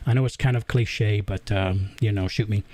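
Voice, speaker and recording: A man's voice: lowish voice, steady tone, moderate pace, a little mellow. A man from the American South with a Southern accent, hosting a casual livestream Q&A and chatting through it with lots of fillers and restarts. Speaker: host.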